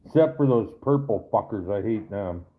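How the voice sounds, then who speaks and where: A man's voice: on the low side, animated, normal speed. A man hosting a live stream, chatting casually with viewers, rambling and swearing as he answers their comments. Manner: rambling, profane, talks straight to viewers. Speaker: livestream host reading viewer chat. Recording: tinny phone-like sound.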